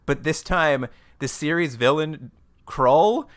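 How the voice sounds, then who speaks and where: A podcast host recaps a show in casual, rambling chat, full of "like," frequent restarts and lots of laughing. His voice is on the high side and expressive, and he takes his time.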